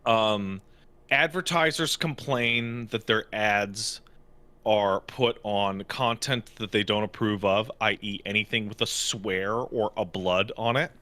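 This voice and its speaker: A man co-hosting a podcast in casual chat, swearing freely and jumping up in pitch to make a point. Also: slow. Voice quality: animated, swears a lot, jumps into high pitch for emphasis. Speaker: podcast co-host.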